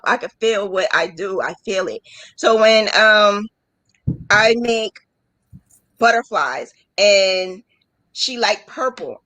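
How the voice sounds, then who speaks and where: A woman's voice: mid-range voice, no echo, poor audio. A woman mentoring crochet business owners in a casual live chat, talking emotionally and acting out little quotes. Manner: animated, emotional storytelling with acted-out quotes.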